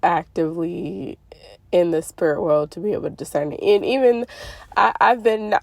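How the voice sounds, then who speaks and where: A woman with a stuffy, congested voice talks in a slightly low register, wandering through her story with lots of "like" and "um." She slows down and stretches some words as she goes. The sound is dry and close. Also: vocal fry, no echo. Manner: rambling, filler-heavy, stretches words slowly. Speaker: spiritual YouTuber. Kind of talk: casual monologue. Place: Arizona.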